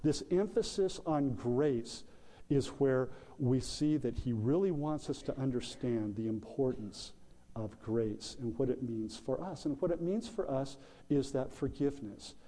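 A man preaching a sermon as pastor, slow and deliberate, with emphatic pauses. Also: mid-range voice, mellow. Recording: long hall reverb.

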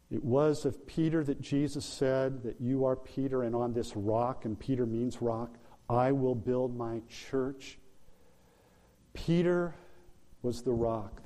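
A man's voice: medium pitch, mellow, in a large hall. A man preaching a sermon as pastor, talking informally with fillers and restarts. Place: church sanctuary.

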